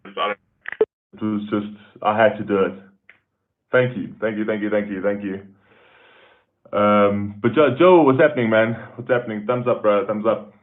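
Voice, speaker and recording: A man's voice: lowish voice, flat delivery, measured pace, pauses often. Tinny-sounding South African man chatting live. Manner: chatty, greets viewers by name, says "man" often. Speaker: YouTube host reading live chat. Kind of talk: casual live-stream chat. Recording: tinny phone-like audio.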